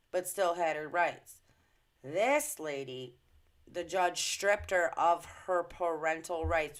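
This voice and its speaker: A woman doing reaction commentary on a vlog, ranting in a blunt, indignant way. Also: deep voice. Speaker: commentary vlogger.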